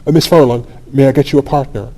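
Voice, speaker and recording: A man voicing an eager young woman who politely pairs up dance partners in a quick, coaxing way. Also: mid-range voice, steady tone, darkish tone, close to an everyday voice, rough recording.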